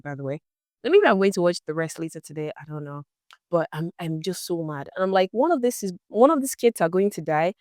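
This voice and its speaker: A woman's voice: lowish voice, no room sound, studio quality. A young woman talking casually to her camera in a vlog, chatty and exasperated as she tells a story. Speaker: vlogger.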